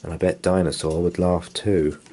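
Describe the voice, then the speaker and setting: Deep-voiced man reading a bedtime story. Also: moderate pace. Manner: gentle, expressive reading. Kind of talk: bedtime story read-aloud.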